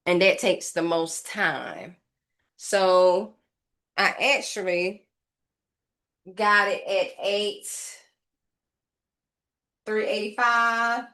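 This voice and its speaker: A woman's voice: medium pitch, slow pace, pauses often, bright, forceful tone. A woman casually narrating a craft tutorial, thinking aloud and rambling to her viewers as she works. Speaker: craft vlogger.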